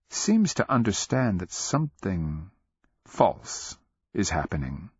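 A man narrating a dark fantasy novel in a measured, expressive storytelling manner. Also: lowish voice, no echo. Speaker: audiobook narrator. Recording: dull, dry lo-fi recording.

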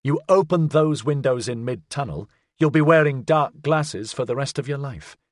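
A man's voice: mid-range voice, normal speed, dry recording, studio quality, lightly acted. A man voicing a tough, injured woman pilot who speaks tersely and bluntly in an audiobook. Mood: tense.

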